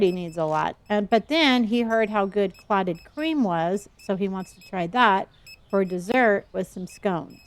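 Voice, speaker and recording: A clear, resonant, medium-pitched female voice. She's casually chatting while streaming a game, giving playful running commentary and thanking individual viewers by name with pet names like honey and dear.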